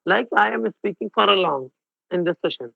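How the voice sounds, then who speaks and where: Male Indian English tutor, raspy and high, mixes in Hindi, heard over a tinny, dry line. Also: animated, fairly quick, no room sound. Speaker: exam coaching teacher. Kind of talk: online class lecture. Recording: phone-like narrow band, dry.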